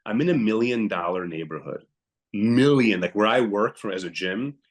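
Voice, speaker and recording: There's a very low voice here, belonging to a young man on a podcast who shares a tough personal experience at a moderate pace. He's blunt and emphatic about it, regularly acting out his own past lines.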